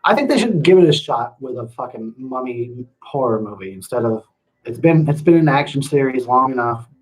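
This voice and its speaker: A man chatting casually to his livestream audience from a room at home. His pitch sits in the middle range. He talks loosely and profanely, laughs often, and drifts into rants. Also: expressive, normal speed, rough recording. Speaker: livestream host reading chat.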